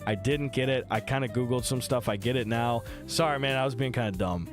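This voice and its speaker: Music plays in the background as a young man streams from home, talking briskly into a desk microphone in a mid-range voice. He tells a story casually and animatedly, cursing often and performing what others said.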